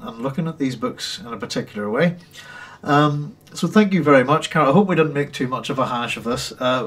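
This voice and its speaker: A man with a Northern Irish accent hosting a live stream, chatting casually and reading viewer comments aloud. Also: medium pitch. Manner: chatty, reads viewer comments aloud and hums between them. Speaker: host.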